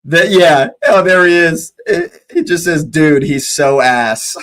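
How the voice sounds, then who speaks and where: A young man commentates a live football match for a watch-along audience. He talks at an unhurried pace, but his pitch swings widely when something happens, and he laughs often and repeats his phrases. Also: very animated, a bit bright.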